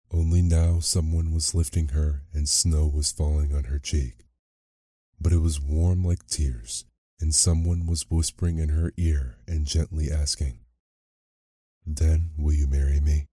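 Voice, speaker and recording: A man narrating a fairy tale as a sleep story, reading in a slow, soothing, soft way. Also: extremely low pitch, breathy edge, no echo, studio quality.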